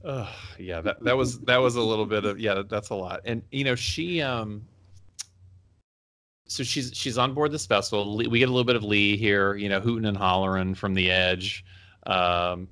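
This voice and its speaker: A man's voice: lowish voice, steady tone, moderate pace, sharp tone. A man from Texas co-hosting a podcast in casual chat, rambling through his points and breaking off for jokes. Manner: rambling, joking asides. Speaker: podcast co-host.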